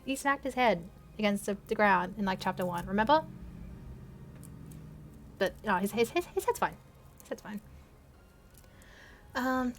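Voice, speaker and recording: A young woman hosting her channel, reading her old story aloud with laughing, swearing, embarrassed asides, recorded on camera. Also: mid-range voice. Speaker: channel host.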